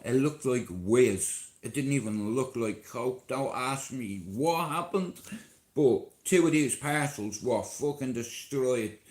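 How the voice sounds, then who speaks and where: Slow-talking Dublin man in an echoey room. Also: medium pitch. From Ireland. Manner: profane, chatty, keeps checking in with listeners. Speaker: live streamer. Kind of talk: rambling live-stream storytelling.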